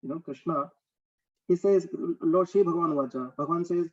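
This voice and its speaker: Man, scripture lecture, explanatory, rapid verse chanting, slightly high voice, dull lo-fi sound. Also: far from the mic. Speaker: spiritual teacher. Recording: dull lo-fi recording.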